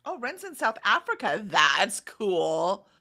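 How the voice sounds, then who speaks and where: A chatty woman from Texas, USA, co-hosts a livestream, animatedly reading comments from the live chat aloud. Her voice is bright yet gravelly, medium in pitch, and slow-paced.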